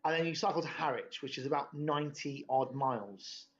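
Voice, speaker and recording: Sweary lad telling a story. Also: male voice, fairly high pitch, brisk. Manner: rambling, sweary and laddish, laughing at his own story. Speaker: podcast host. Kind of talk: casual storytelling chat. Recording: dull lo-fi podcast audio.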